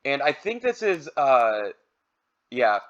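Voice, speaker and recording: Bright-voiced man, easygoing card review, slightly dull lo-fi recording. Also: mid-range voice, slow. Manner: relaxed, thinking aloud with fillers. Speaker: card collector reviewing products. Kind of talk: casual product review.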